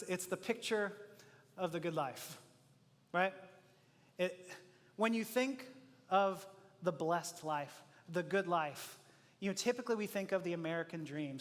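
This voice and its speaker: A pastor with an unusually high male voice delivers a sermon in a loose, animated, conversational way, slipping into acted-out quotes and chuckling often. His voice rings with long reverb from a large church room. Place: church auditorium.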